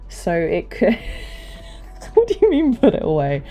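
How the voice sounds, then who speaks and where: A young woman streamer with a deep voice, chatting casually into a desk mic on a stand, rambling and self-deprecating with lots of fillers and restarts. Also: wildly swooping pitch, a little slow, mellow, faint music behind. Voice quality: low, deep voice. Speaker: streamer and hobby voice actor. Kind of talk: casual livestream chat. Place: home streaming setup.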